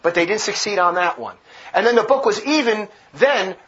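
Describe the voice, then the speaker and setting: A man's voice: expressive, moderate pace, fairly bright tone, lo-fi sound. A man preaching an impassioned, indignant sermon on church history, his voice rising and dropping sharply. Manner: fiery, indignant, restless pitch swings.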